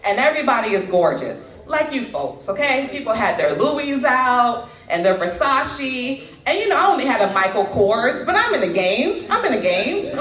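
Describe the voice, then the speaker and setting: A woman in her thirties performs stand-up, talking easily with the crowd and teasing them. Her fairly high voice swings up and down in a lively way. The sound is roomy and echoey, caught from a distance in a club. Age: 30s. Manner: conversational, teasing the audience. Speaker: stand-up comedian. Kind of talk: stand-up comedy set. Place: comedy club stage. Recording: echoey club from far mic.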